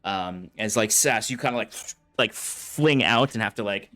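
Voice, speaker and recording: A man's voice: lowish voice, moderate pace, sharp tone. A man narrating as game master of a tabletop game, describing scenes casually with many fillers.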